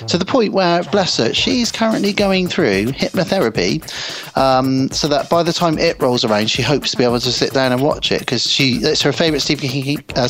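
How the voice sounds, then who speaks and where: A man's voice: medium pitch, fairly bright tone. A man hosting a podcast in casual, joking, rambling chat. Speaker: podcast host.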